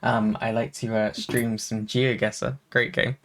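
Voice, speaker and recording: A man's voice: lowish voice, level tone, measured pace, vocal fry, fairly bright tone. A man co-hosting a podcast in casual chat, rambling with many fillers and restarts. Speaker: podcast co-host.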